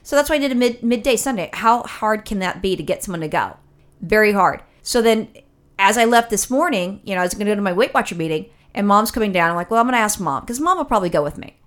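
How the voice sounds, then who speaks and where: A woman tells a rambling story in casual conversation. She swears freely and acts out what other people said. Her pitch sits in the middle for a woman. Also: fast. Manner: animated, profane storytelling with acted-out quotes. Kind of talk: casual chat.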